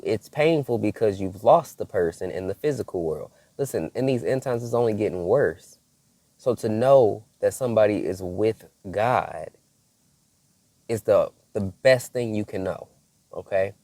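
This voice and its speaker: A man with a low voice delivers a devotional message straight to his viewers. He preaches emphatically, circling back to the same phrases and asking "okay?" as he goes. The sound is dry and close. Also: warm tone, dry recording. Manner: emphatic, repeats key phrases, checks in with "okay?". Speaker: prophetic preacher.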